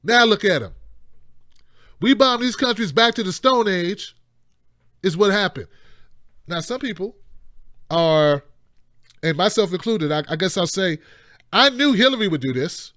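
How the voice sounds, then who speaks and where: Male call-in show host, high voice, dry close mic, rants emphatically with sarcastic asides. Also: expressive, a little slow, long pauses, pushed and bright, no room sound. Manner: rambling, emphatic, mocking asides. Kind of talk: impassioned political commentary.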